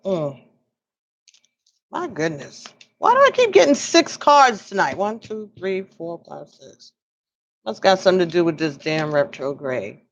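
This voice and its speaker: Tired woman doing tarot on a livestream, slow easy talk, laughs a lot, muffled lo-fi audio. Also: on the low side, sing-song. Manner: chatty, laughs often, talks to viewers by name. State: tired, yawning. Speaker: tarot reader hosting a live stream. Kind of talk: casual live-stream chat and card reading.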